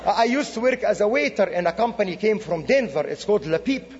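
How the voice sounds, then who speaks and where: A man's voice: sits high, quick pace, breathy edge. A man from the Middle East preaching as a guest speaker, telling stories animatedly with acted-out dialogue. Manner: animated storytelling with quoted dialogue. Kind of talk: sermon. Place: church sanctuary. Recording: dull lo-fi recording in a reverberant hall.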